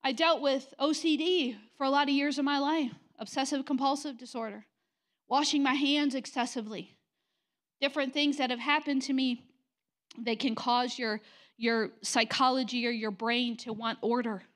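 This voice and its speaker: Woman pastor, middle-aged, high voice, blunt confrontational sermon delivery in a church. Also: fairly bright tone. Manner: direct, confrontational preaching with mocking quoted voices. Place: church sanctuary.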